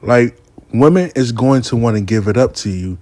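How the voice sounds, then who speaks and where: Animated man telling a story. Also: mid-range voice, moderate pace, no echo. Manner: animated, acts out both sides of a dialogue. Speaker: storyteller host. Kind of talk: casual storytelling.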